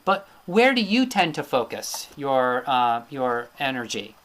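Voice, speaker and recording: A man's voice: medium pitch, sing-song, measured pace, a bit bright. A man teaching a recorded lecture with slides, thinking aloud and checking in with his listeners. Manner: thinking aloud, with frequent fillers and "right?" tag questions. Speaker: Ayurveda teacher.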